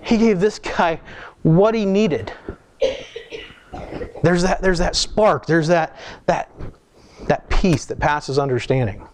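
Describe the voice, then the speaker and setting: High-voiced man preaching conversationally. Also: takes it slowly, long pauses. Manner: conversational storytelling with animated quoted asides. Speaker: pastor. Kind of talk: sermon.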